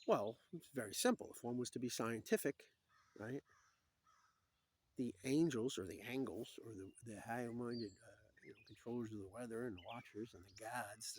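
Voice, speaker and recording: Brief: middle-aged man, meandering storyteller, preachy, mid-pitched voice. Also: a little hiss or hum. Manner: meandering, preachy, swinging loud to quiet. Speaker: speaker. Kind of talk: rambling storytelling monologue.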